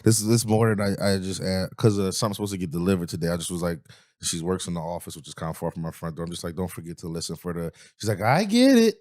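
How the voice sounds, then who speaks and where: A young man co-hosting a comedy podcast, telling lively anecdotes with lots of laughter. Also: low voice, racing, dry recording, studio quality. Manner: lively, laughing anecdotes about his partner. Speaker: podcast co-host. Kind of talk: casual comedic chat.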